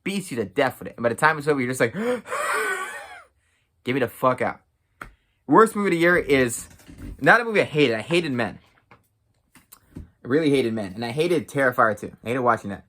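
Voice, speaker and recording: Brief: male film reviewer, bright forceful tone, blunt exasperated rant, swears freely. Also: mid-range voice, lively intonation, quick pace. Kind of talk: casual ranting review.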